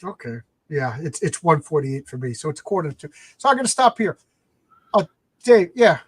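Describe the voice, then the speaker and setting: A man's voice: on the high side, big pitch swings, moderate pace, husky, dry recording. A man hosting a casual late-night comics live stream, rambling as he retells comic plots.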